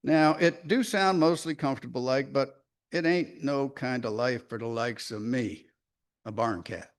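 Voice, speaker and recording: Proud scrappy barn cat with a folksy country drawl, as a man puts it on; mid-pitched, boastful poem reading. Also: unhurried, lightly acted. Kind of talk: dramatic poetry reading.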